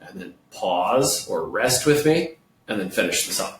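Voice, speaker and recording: Man teaching kids music, slow and playful. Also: lowish voice, lively intonation, a little hiss or hum. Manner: playful, slow and clear, sings along. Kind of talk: children's music lesson. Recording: echoey room, mic far off, guitar playing. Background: guitar.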